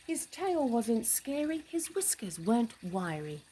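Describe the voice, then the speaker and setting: Woman storybook reader, lively swooping delivery, unhurried, gasps and hushed asides, faint dripping tap behind. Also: fairly high pitch, slight background noise, low-quality recording. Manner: animated, with gasps, hushed asides and questions to the listener. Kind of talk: reading a picture book aloud to children.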